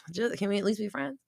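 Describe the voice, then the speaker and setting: Her voice is mid-range, creaky and slightly rough, captured in clean studio sound with no echo. As a podcast host answering listeners on a live show, she keeps the chat casual and frank, swears often, stumbles through fillers and restarts, and dramatizes little scenes in quoted voices.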